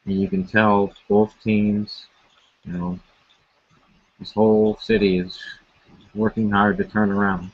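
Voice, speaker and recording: A man from Buffalo co-hosting a sports podcast, speaking haltingly about his home city's teams. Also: fairly low pitch, little pitch movement, dry recording, muffled recording. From Buffalo, New York. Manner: halting, with many fillers and restarts. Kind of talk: casual sports chat.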